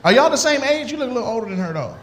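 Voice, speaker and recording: A man's voice: very high voice, sing-song, background noise. A male comedian doing profane, teasing crowd work with audience members. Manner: teasing, profane, quick banter. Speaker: stand-up comedian.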